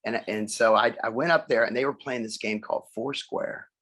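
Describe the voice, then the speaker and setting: A man speaks over a video call in a loose, rambling way, laughing often. He tells stories and acts out the people in them, his voice jumping up for the loud bits. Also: mid-range voice, fairly quick. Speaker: musician guest. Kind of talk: casual video call chat.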